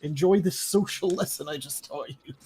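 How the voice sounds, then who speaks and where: A man's voice: a little high, normal speed, a crowd in the background. A man streaming a video game, chatting casually, explaining at length and laughing often. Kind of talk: casual chat while gaming.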